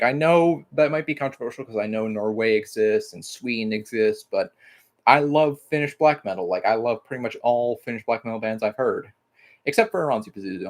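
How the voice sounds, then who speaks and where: A man's voice: medium pitch, a little fast. A man from Mississippi hosting a casual livestream, rambling with lots of "like" fillers and casual swearing. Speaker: livestream host.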